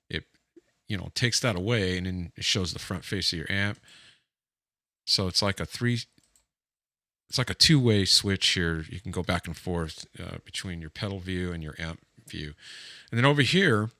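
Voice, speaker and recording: A man casually demonstrating guitar software on screen, thinking aloud with lots of fillers and easily pleased by each feature. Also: low voice, no room sound, clean studio sound. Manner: easily delighted, keeps saying it's cool. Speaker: gear reviewer walking through software. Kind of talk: casual screen-share demo.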